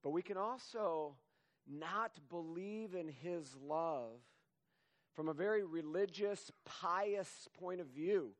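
A man preaching a sermon in a slow, earnest way, building to emphatic exhortation and closing in prayer. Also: a little high, lively intonation.

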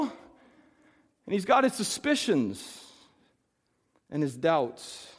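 A middle-aged man preaches a sermon in a somewhat high voice. He surges to loud, insistent peaks and then falls back to a quiet, reflective tone. His voice rings with the long reverb of a large church hall. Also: big pitch swings, slow pace, pauses often, slightly rough. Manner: rising to loud emphatic peaks, then dropping to soft reflection. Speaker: pastor. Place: church sanctuary.

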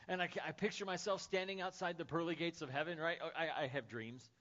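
A man preaching a sermon as pastor, dropping to soft, hushed lines and rising to loud, excited storytelling. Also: fairly high pitch, brisk, few pauses, muffled recording.

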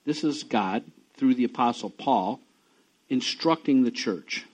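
A middle-aged man preaching a sermon, emphatic, dropping low and quiet and then rising loud and high. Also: measured pace, slightly rough, rough recording. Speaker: pastor.

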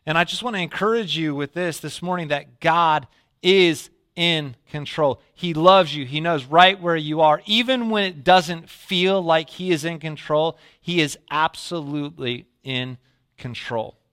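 Bright-voiced man preaching conversationally. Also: measured pace, smooth, no echo, clean studio sound. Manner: storytelling, drops to a low quiet voice when quoting himself. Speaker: pastor. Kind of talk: sermon.

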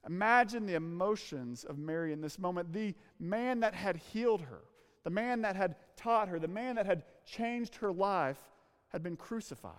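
A man preaching a sermon to a congregation in a church room, earnest, slowing down and dropping to a hush for emphasis. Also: high voice, expressive. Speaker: pastor. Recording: long reverb of a large hall.

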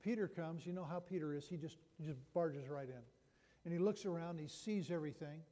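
A pastor with a slightly high, mellow voice speaks briskly, retelling a Bible story in his sermon. His delivery is conversational with frequent restarts, and the recording carries a long hall reverb.

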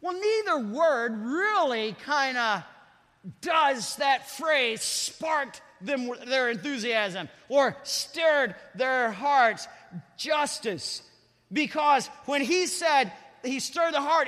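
High-pitched preacher in an echoing hall. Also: male voice, animated, takes it slowly. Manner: builds to loud shouting climaxes; asks the congregation to repeat phrases. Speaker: pastor. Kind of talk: sermon. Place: church sanctuary. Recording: long reverb of a church hall.

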